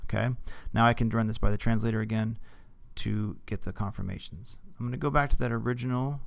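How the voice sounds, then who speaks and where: A man teaching a casual screen-recorded software tutorial, talking through each click and checking in with "okay?". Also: fairly low pitch, steady tone, brisk, creaky, no echo.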